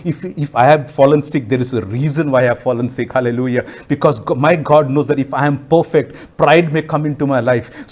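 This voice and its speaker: A young man from Nigeria preaching a sermon, fervent, with slow emphatic phrases and frequent hallelujahs. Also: medium pitch, darkish tone.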